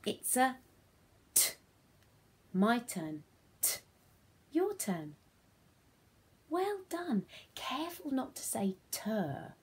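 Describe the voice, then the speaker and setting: Sing-song teacher woman, lively pitch. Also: very slow, pauses often, slightly rough. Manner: sing-song, encouraging, often dropping to a whisper. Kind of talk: phonics lesson for young children.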